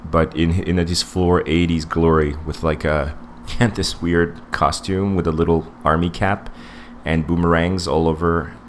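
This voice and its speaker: A low-pitched man in his forties talking through a casual podcast review, wandering from point to point with lots of ums and restarts. A faint hiss sits under the recording. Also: little pitch movement, measured pace, hardly any pauses. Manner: rambling, digressive, many fillers and restarts. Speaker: podcast co-host.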